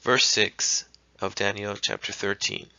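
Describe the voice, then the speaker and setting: A lower-pitched man with a very bright, forceful tone reads scripture and then explains it in his own words. The recording is dry and a bit muffled. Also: level tone, a little slow, no room sound. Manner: reads verses aloud then explains them, with restarts and apologies for misreadings. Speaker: Bible teacher. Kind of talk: scripture reading and teaching.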